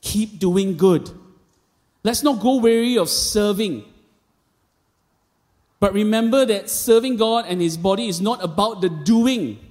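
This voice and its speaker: A man's voice: high voice, a little slow, long pauses, a little mellow. A man in his thirties with a Malaysian English accent, a pastor preaching a sermon and telling stories with quoted voices and casual asides. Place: church auditorium. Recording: long reverb of a large hall.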